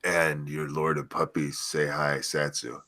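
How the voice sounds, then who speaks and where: A man's voice: rumbling low, flat delivery, unhurried, sharp tone. A man hosting a live stream in casual chat, stuffy and unwell, joking and swearing as he goes. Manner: joking, profane, easily sidetracked. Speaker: stream host.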